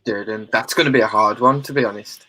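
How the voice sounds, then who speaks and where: A man's voice: fairly low pitch, fast talker, sharp tone, no room sound. A man co-hosting a casual live stream in a laid-back way, often calling people dude. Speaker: co-host. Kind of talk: casual group chat.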